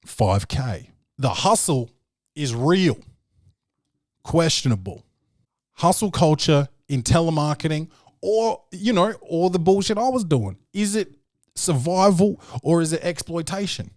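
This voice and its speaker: A young man rants through his podcast in a fast, slangy, swear-heavy way. His voice sits a little high for a man. The sound is dry and close, with no room around it. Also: no echo. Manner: swearing, slangy, animated storytelling. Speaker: podcast host. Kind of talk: casual profane monologue.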